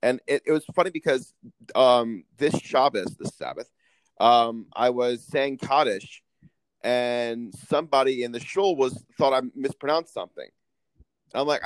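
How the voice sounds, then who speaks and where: A man's voice: mid-range voice, a little slow, clean tone, no echo, low-quality recording. A man co-hosting a casual podcast chat, chatty, often stumbling and repeating his words. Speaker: podcast co-host.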